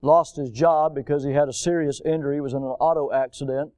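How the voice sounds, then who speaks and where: Older male pastor, sermon delivery, smooth clear voice, dry close sound, lively mocking asides. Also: on the high side, fast, dry recording. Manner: animated preaching with mocking voices for quoted people. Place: church.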